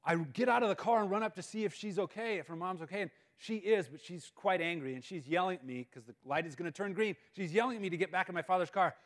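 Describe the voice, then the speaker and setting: Guest speaker, male, higher voice; animated, self-deprecating storyteller. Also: fast, few pauses. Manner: animated, self-mocking, repeats words. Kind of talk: humorous storytelling talk. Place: school auditorium. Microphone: live-stream mic.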